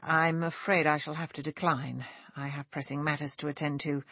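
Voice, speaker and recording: A woman's voice: low-pitched, level tone, normal speed, a bit bright, breathy edge, no room sound, heavily acted. A woman voicing a kind, assured young male lord who speaks formally and courteously, in an audiobook. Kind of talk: audiobook character voice.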